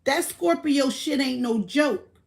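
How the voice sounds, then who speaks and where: A woman's voice: high voice, animated, slow, vocal fry. A woman hosting a livestream, ranting casually in a blunt, profane, boastful way. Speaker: livestream host.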